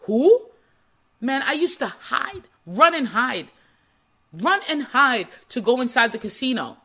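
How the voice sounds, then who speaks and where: Woman doing a pep-talk vlog, bright slightly high voice, animated, acts out little voices. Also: unhurried, husky. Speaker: motivational speaker. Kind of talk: motivational monologue.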